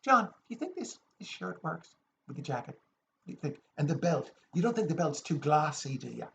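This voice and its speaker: A man's voice: fairly high pitch, big pitch swings, brisk, vocal fry. Fussy, hesitant male friend fishing for reassurance about his outfit, as a storyteller puts him on; muffled lo-fi recording. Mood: fretful. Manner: fretful, hesitant, seeks reassurance. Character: fussy, clothes-obsessed adult male friend.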